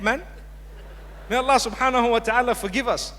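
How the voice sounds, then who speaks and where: A man with a high voice gives a religious lecture to a hall audience. He talks to the crowd directly and mixes humor into his advice. A long reverb from the lecture hall hangs on every phrase. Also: fast talker, a bit bright. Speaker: Islamic preacher.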